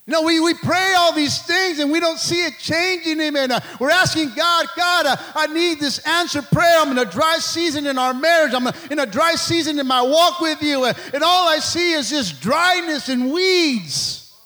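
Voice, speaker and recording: A man's voice: very high voice, normal speed, sharp tone. A man preaching a fervent sermon to a church, peppering it with calls of amen and stumbling restarts. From Mexico. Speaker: pastor.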